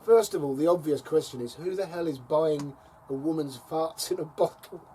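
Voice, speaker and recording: By a fire on his allotment plot, a middle-aged vlogger chats casually to camera, telling wry stories with dry jabs and chuckling between them. His voice is on the high side and warm, at normal speed, with a little hiss or hum on the recording.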